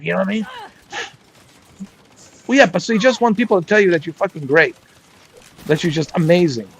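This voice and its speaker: A man's voice: high voice, animated, a little fast, pauses often, poor audio. A man ranting crudely and mocking someone in casual chat, laughing often as he goes. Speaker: gaming streamer.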